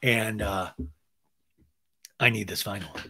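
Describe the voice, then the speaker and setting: Speaking slowly in a lowish, slightly breathy voice, a man hosts a podcast that recaps reality TV. He keeps it gossipy and animated, swearing plenty and acting out what people said.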